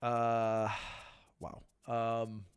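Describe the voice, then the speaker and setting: A man's voice: medium pitch, completely flat delivery, drawn-out words, soft background music. A man streaming live, answering viewer questions in loose, profane chat full of stammered restarts.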